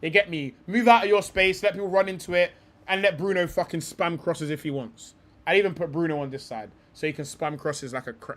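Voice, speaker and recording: A young man hosting a live football talk stream. He swears a lot and thinks aloud, often trailing off into low mutters. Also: a little fast, fairly bright tone. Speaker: streamer host.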